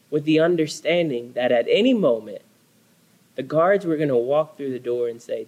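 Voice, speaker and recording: A pastor delivers a sermon, telling his story earnestly and dramatically and leaning on repeated phrases for emphasis. His voice is a touch higher than most men's. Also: expressive, moderate pace, a little mellow, rough recording. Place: church.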